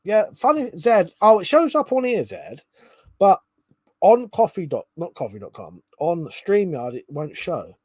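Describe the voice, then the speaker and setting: A man's voice: high voice, very animated, measured pace, a little mellow, slightly rough, no room sound. Casual swearing man on a stream. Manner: casual, swears freely, chuckles while reading comments. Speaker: livestream host reading chat. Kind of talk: casual chat.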